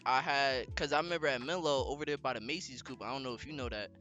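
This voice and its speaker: A young man casually telling a story on a podcast, slangy and animated, with lots of fillers. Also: medium pitch, quick pace, soft background music. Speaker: podcast co-host.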